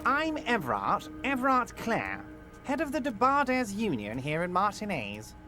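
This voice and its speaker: Brief: a smooth, pompous game union boss, pitch rolling all over, music clear behind. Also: male voice, huge pitch swings, moderate pace, bright, forceful tone, heavily acted. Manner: genial, smooth and manipulative. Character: oily, pompous heavyset male union boss. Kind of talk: video game voice acting.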